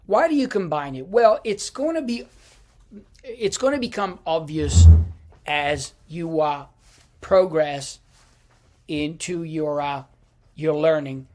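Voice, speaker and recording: A man teaching a language lesson over slides, speaking slowly with many fillers and restarts. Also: fairly high pitch. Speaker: Italian teacher.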